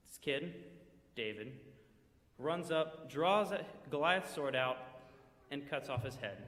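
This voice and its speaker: A man's voice: medium pitch, a bit bright. A man speaking in church, retelling a story vividly in the second person with quoted asides, recorded in a church sanctuary. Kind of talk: sermon storytelling. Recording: echoey church hall with long reverb.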